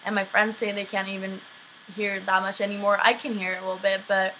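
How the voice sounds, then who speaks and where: A woman's voice: mid-range voice, level tone, fast, bright, forceful tone, a little hiss or hum, poor audio. A teenage girl from Sweden with a light Swedish accent, chatting casually through viewer questions in a vlog, with many "um"s and "like"s. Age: teens. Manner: chatty, filler-heavy, frequent "um" and "like". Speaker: exchange student vlogger.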